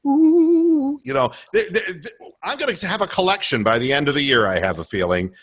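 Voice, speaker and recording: A man's voice: medium pitch, fast talker. A man hosting a casual sports talk radio show, rambling and swearing as he rants about his team. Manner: animated, rambling, swearing, breaks into mock voices.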